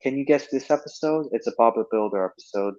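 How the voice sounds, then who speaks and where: A man's voice: medium pitch, fast, darkish tone. A man hosting a casual voice-chat stream, chatty and enthusiastic, often laughing. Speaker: stream host. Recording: lo-fi online voice chat.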